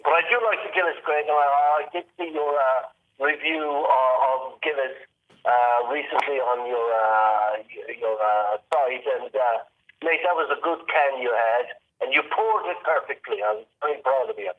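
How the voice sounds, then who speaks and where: A man's voice: medium pitch, normal speed. A man from Ireland with a Kerry accent, calling in by phone to a casual chat, bantering in a jokey, matey way. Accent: Kerry Irish. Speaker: caller. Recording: phone line.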